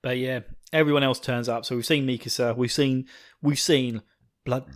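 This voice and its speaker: Man, podcast host, excitable, gushing, swears a lot, mid-pitched voice. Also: normal speed. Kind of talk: casual podcast episode recap.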